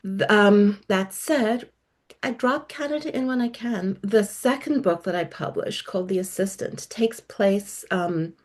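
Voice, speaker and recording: A woman's voice: medium pitch, a little slow. A middle-aged woman guest author talking about her work in a podcast interview, articulate and enthusiastic. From South Africa.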